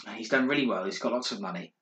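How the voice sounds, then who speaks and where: Bright-voiced man telling a spooky story. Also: lowish voice, very fast, a little hiss or hum. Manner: dramatic, hushed, building suspense. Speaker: podcast co-host. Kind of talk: casual storytelling. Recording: roomy echo.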